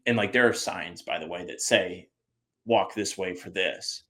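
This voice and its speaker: A man from the US Northeast, co-hosting a sports podcast in casual chat, animated and acting out the people he quotes. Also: deep voice, normal speed. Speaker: podcast co-host.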